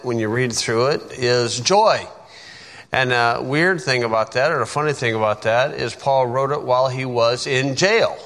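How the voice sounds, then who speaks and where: A man's voice: medium pitch, a bit bright. A man from the United States, a pastor teaching a Bible lesson in an informal, folksy way with joking asides. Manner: folksy, joking asides, slow deliberate delivery. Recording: long reverb of a hall.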